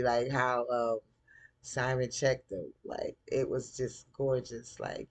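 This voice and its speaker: A man casually recapping a TV episode, chatty and animated, acting out the characters' lines in a style. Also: medium pitch, slow pace. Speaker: TV show recap host.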